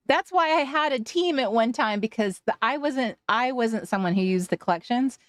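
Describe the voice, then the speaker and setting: A woman's voice: a little high, lively intonation, a little slow, pauses often, no room sound. A woman from Washington State hosting a casual craft livestream, chatting with viewers, laughing often and trailing off mid-sentence. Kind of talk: casual livestream chat reading viewer comments.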